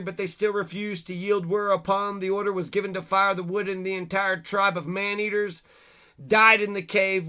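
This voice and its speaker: A man with a high voice reads local history aloud and trips over words. He then breaks into profane, ranting commentary with a bright, sharp edge. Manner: profane, stumbles over words while reading. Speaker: video host.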